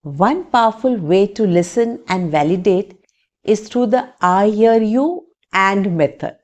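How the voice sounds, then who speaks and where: Female teacher, unhurried scripted parenting talk, calm and explanatory. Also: mid-range voice.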